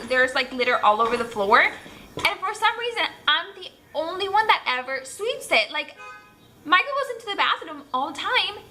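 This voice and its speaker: A woman's voice: sits high, pushed and bright, a little hiss or hum. A young woman, a mom, reading out tag questions at home and answering them in a chatty, candid way with many fillers. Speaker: mom vlogger. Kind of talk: casual tag video, reading questions aloud. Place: home room.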